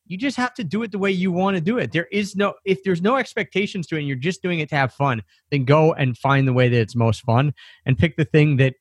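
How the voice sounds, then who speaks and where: Chill host guy, fairly high voice, hyping up his guest, dry mic. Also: fast, no room sound. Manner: upbeat, encouraging wrap-up. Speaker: podcast host. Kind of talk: casual interview chat.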